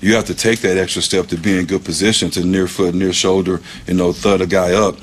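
A man, a football coach, answering interview questions in a measured way with plenty of ums and you knows. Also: deep voice, level tone.

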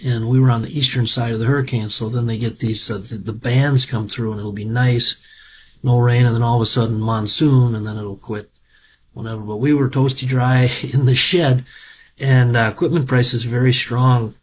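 A man's voice: medium pitch, steady tone, normal speed, a little hiss or hum. A middle-aged man from Minnesota giving a rambling, folksy spoken report on farm equipment auctions, with lots of fillers.

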